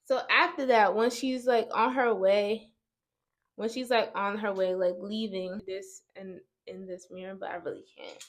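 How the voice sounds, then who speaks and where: A young woman vlogger telling an exasperated, animated story to her viewers while doing her makeup. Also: mid-range voice, measured pace. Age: young adult.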